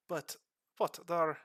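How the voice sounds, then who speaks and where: A man streaming live and explaining game lore to a friend in a casual, animated way with casual swearing. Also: fairly high pitch, slightly rough.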